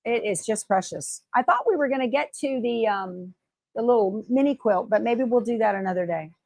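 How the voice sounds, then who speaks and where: A woman's voice: on the high side, normal speed, darkish tone, no room sound. A middle-aged woman hosting a casual sewing livestream, chatting, laughing often and reading viewer comments aloud. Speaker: sewing show host.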